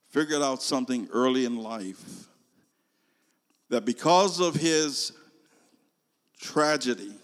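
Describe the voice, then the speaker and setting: A man telling a story as a sermon, animated, swinging from loud to hushed. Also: medium pitch, in a large hall. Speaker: preacher.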